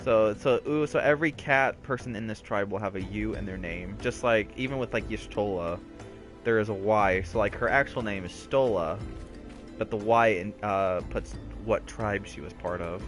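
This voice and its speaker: A man co-hosting a let's play video, talking about the game in an excitable, playful way. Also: lowish voice, moderate pace, soft background music. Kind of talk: casual gaming commentary.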